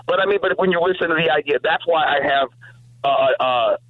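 A man in casual chat about horror movies and music, rambling, animated and swearing freely. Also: on the high side, brisk, no room sound, narrow, tinny audio.

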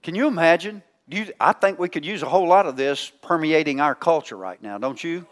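A male pastor preaching a folksy, teasing sermon, swinging between loud calls and hushed asides. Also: fairly high pitch, brisk, long reverb tail.

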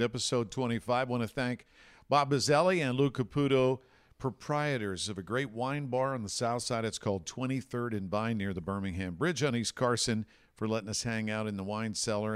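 A man's voice: mid-range voice, clean tone. A man hosting a radio talk show, wrapping up the episode with thanks and plugs in an easygoing way, recorded in a wine cellar. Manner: easygoing, host-like wrap-up. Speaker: radio host. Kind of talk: casual chat with show plugs.

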